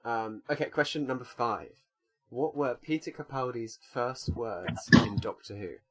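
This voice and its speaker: A man's voice: mid-range voice, measured pace, crowd noise. A man co-hosting a podcast, who reads out quiz questions and explains the answers at length in casual chat. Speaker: podcast co-host running a quiz.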